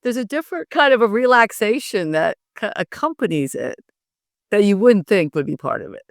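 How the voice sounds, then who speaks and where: A middle-aged woman coaching public speaking, lively and often laughing as she demonstrates. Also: mid-range voice, moderate pace, gravelly, dry recording, clean studio sound. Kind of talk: instructive interview talk.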